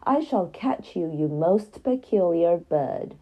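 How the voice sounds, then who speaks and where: A woman's voice: fairly low pitch, lively intonation, takes it slowly, lo-fi sound. Woman playing a sly, menacing kitchen cat.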